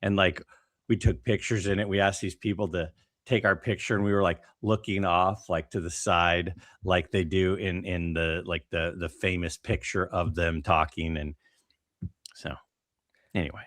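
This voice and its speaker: A man co-hosting a casual podcast, telling stories in an animated way with lots of fillers and restarts. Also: low voice, moderate pace, no echo, studio quality. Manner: animated, storytelling with many fillers. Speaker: podcast co-host.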